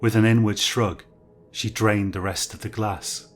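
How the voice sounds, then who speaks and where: Male horror storyteller, measured and low, soft music under. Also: fairly even intonation. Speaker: narrator. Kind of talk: scripted horror narration.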